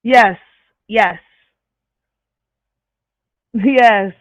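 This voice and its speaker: A woman's voice: mid-range voice, extremely slow, no room sound. A woman with an accent hosting her channel, talking casually to viewers, swearing freely and stumbling over and correcting words. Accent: speaks with an accent. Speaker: channel host. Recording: tinny phone-like dry recording.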